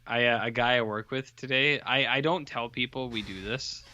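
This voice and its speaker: A man co-hosting a podcast, chatting casually and rambling through deadpan stories. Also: mid-range voice, moderate pace, dull audio. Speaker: podcast co-host. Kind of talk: casual chat.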